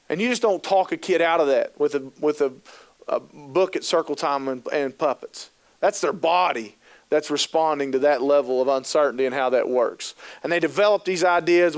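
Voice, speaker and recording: Animated high-voiced man giving a talk. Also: smooth. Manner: animated storytelling, acts out quoted thoughts; asks the audience rhetorical questions. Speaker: speaker at a training session. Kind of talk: conference talk.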